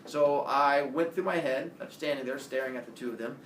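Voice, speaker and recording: A man's voice: mid-range voice, fairly quick, slight background noise. A man casually telling a personal story, acting out the voices of the people in it. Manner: animated storytelling, acts out quoted voices. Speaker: storyteller host. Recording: roomy echo, distant from the mic, faint ambience.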